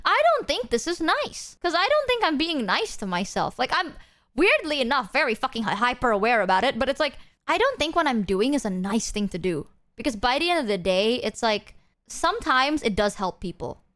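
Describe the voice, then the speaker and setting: A woman's voice: high-pitched, sing-song, fairly quick, fairly bright tone. A young woman streamer chatting casually with her viewers, rambling and self-deprecating, swearing freely and acting out people she quotes. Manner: quotes people in exaggerated put-on voices.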